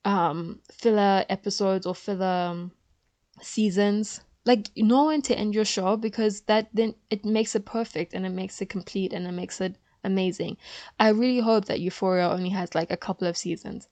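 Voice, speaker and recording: A woman's voice: mid-range voice, steady tone, normal speed, darkish tone, no echo. A woman vlogging in a casual chat, chatty and opinionated, with frequent fillers.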